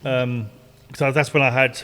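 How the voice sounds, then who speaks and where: A middle-aged man tells racing stories in a loose, meandering way, circling back and repeating himself and swearing now and then. His voice sits at an ordinary middle pitch. The room gives it a long, reverberant tail. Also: level tone, a little slow, bright, forceful tone, smooth. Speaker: guest, retired racing driver. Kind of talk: casual anecdotal storytelling.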